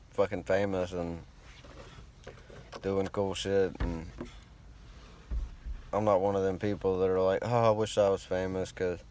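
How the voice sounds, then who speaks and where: A man's voice: deep voice, a little mellow, a little hiss or hum. A man with a rural American country accent and a laid-back drawl, talking in a rambling, profane, self-conscious vlog monologue. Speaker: vlogger.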